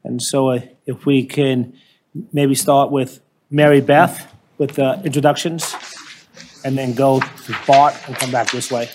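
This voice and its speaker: A man running a formal board meeting, his voice at an ordinary middle pitch. He talks in a halting way with frequent fillers into a table microphone. Each agenda item is announced in a plain, procedural tone. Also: level tone, darkish tone, a little hiss or hum. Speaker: meeting chair.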